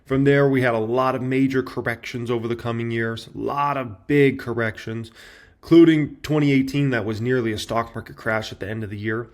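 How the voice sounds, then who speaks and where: A man in his thirties hosting an investing channel, talking straight to his viewers in an animated, casual way. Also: mid-range voice. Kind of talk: casual reaction commentary.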